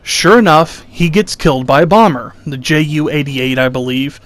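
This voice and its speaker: A young male gaming commentator, his voice a little high and his pace moderate, talks over gameplay footage. He's exasperated and sarcastic, mocking his critics by imitating them in whiny voices.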